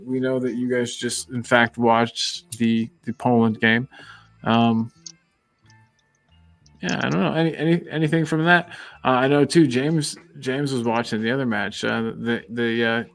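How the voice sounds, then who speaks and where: A man hosting a members' call-in football show, talking casually, swearing freely and rambling with restarts. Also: medium pitch. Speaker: host.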